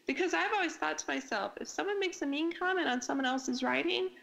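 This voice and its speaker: A woman's voice: high voice, expressive, brisk, creaky, a bit bright, poor audio. A woman author, a guest on a podcast interview, chatting casually and enthusiastically, with lots of fillers and restarts. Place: podcast recording.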